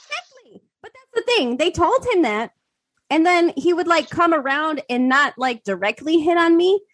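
A woman in her thirties co-hosting a podcast, telling an animated story with lots of swearing and acted-out quotes. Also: high-pitched, moderate pace, no room sound. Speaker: podcast co-host. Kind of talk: casual chat.

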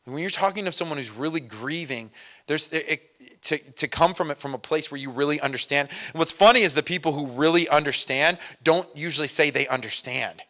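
A man's voice: fairly high pitch, a little fast, pushed and bright. Man preaching a casual, storytelling sermon. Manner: conversational, self-deprecating, storytelling with laughs. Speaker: pastor.

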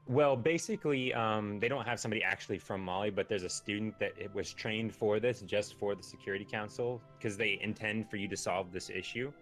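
A man's voice: lowish voice, brisk, hardly any pauses, a bit bright, soft background music. A young man chatting as a guest, talking loosely with lots of filler words. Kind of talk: casual chat.

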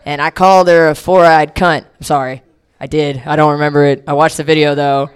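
A woman's voice: low voice, fairly even intonation, fairly quick, smooth. Profane young woman doing stand-up. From Delaware. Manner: crude, profane, rambling self-deprecating storytelling. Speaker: stand-up comic. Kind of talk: stand-up comedy set.

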